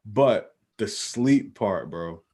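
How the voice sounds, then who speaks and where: A man's voice: lowish voice, lively intonation, very slow, dark tone, slight background noise. A young man co-hosting a podcast, talking casually in laid-back slang and saying "bro" a lot. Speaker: podcast co-host. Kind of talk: casual chat.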